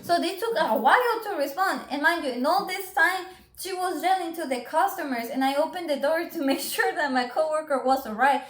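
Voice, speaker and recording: A young adult woman telling a story in a casual, animated vlog. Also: high-pitched, fairly quick. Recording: echoey room.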